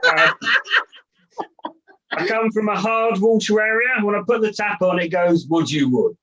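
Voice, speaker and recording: A man doing a stand-up comedy set from his own room over a video call, with hesitant one-liners full of ums and pauses. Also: high voice, sharp tone, highs cut off.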